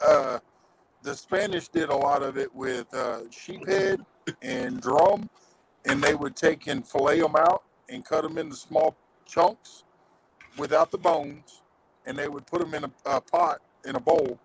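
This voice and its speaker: A man's voice: unhurried, vocal fry, noisy background. A man hosting a casual live-stream chat. He jokes around and swings his voice up and down, and it comes through distorted and robotic-sounding. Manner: animated, joking, swings his pitch widely. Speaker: host.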